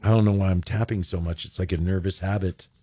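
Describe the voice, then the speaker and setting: A man's voice: deep voice, steady tone, fast, mellow, breathy edge, dry recording. A man hosting a call-in radio show, joking with callers and laughing often. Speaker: radio host.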